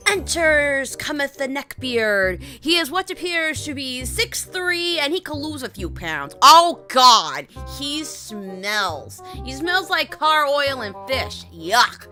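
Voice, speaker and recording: Animated high-voiced woman storyteller. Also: slow, few pauses, soft background music. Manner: animated, exclaiming. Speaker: storyteller youtuber. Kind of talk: casual story narration.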